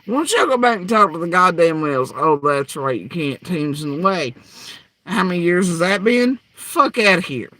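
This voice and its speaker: A man's voice: sits high, big pitch swings, moderate pace, no room sound. Angry, profane man ranting. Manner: heated, profane, swings between loud and muttering. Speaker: podcaster ranting.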